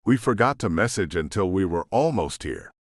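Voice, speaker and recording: A man's voice: low voice, lively intonation, normal speed, no room sound, clean studio sound. A man narrating an audiobook voices a teasing, cheerful young woman, the hero's younger sister.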